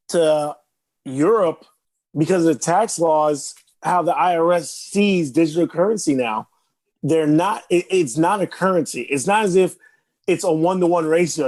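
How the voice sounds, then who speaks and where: A man with a somewhat high voice co-hosts a podcast. He talks casually and rambles, often restarting his thoughts. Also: a little mellow. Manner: rambling, restarts, easy laughter. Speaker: podcast co-host. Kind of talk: casual chat.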